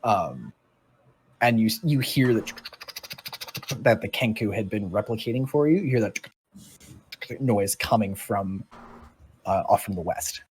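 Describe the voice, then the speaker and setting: A man's voice: on the low side, expressive, measured pace, long pauses, a little hiss or hum. A man narrating a tabletop game as game master in a loose, casual way.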